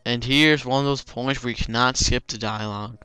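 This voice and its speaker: A man's voice: medium pitch, fairly even intonation, a little fast, bright, forceful tone, clean tone, soft background music. A young man giving casual let's play commentary, rambling with lots of fillers like "like" and "you know.".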